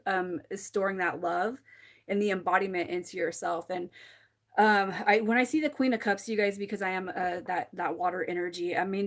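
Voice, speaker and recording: A woman giving a live tarot reading to viewers, candid and emotional, swearing freely and restarting her sentences, close to tears. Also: medium pitch. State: teary, close to crying. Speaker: tarot reader on a livestream.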